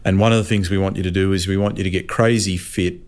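A man's voice: sits low, fairly even intonation, fast, darkish tone. An older Australian man, a motorsport commentator, telling racing anecdotes in a chatty, laughing way and acting out voices. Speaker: motorsport commentator, interview guest. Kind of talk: anecdotal storytelling.

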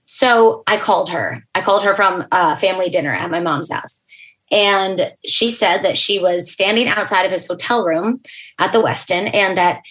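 A young adult woman, a podcast guest, telling an emotional personal story in an earnest, halting way, with fillers and restarts. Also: mid-range voice, fairly bright tone, rough recording.

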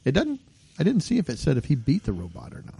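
A man's voice: on the high side, huge pitch swings, quick pace, gravelly, warm tone, breathy edge. A man hosting a casual podcast chat, joking and laughing often. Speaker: podcast host.

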